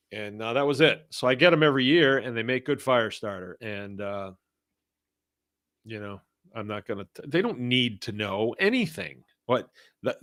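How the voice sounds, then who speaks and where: An older man from Massachusetts talks casually on a podcast, folksy and blunt, chuckling through his stories. His voice sits at an ordinary middle pitch. The recording is dry and close, with no room sound. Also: sharp tone, dry recording. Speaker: podcast host. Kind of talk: casual podcast talk reading listener comments.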